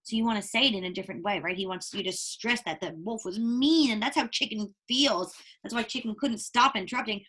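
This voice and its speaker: A woman's voice: fairly high pitch, a little fast, few pauses, a bit bright, husky. A woman, a teacher, reading a picture book aloud and talking expressively about it, asking her listeners questions.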